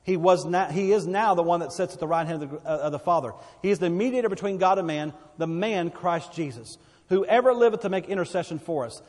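A man preaching a sermon in a church, his somewhat high voice carrying a long reverb from the hall. He speaks emphatically and repeats words as he presses his point. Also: a little mellow. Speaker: pastor.

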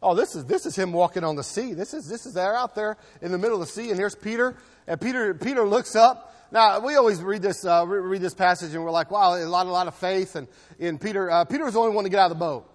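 In a church, a man with a high voice delivers a fast, emphatic sermon, swinging between loud and hushed passages and often repeating words. Each phrase trails off into long reverb.

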